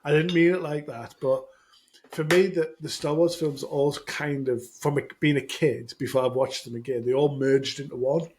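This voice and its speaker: Rambling self-deprecating podcast host. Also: male voice, fairly high pitch, steady tone, normal speed, a little mellow, a little hiss or hum. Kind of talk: casual chat.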